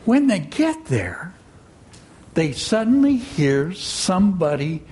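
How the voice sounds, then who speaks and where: A man retelling a children's story aloud in an expressive, musing, unhurried way. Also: high voice.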